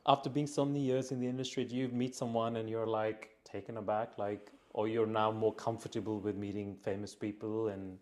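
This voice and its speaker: A man hosting a podcast, with a fairly low voice. He asks curious questions in a conversational way and keeps his guest talking with short encouragements. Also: little pitch movement, brisk, few pauses, a little mellow. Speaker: podcast host. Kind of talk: interview conversation.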